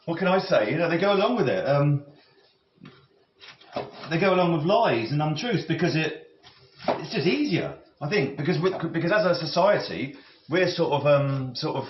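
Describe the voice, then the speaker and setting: Brief: male cooking vlogger, rambling, halting restarts, slightly higher voice, roomy dull-sounding kitchen audio. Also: lively intonation, a little hiss or hum. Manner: musing, halting, with frequent restarts. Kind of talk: rambling talk while cooking.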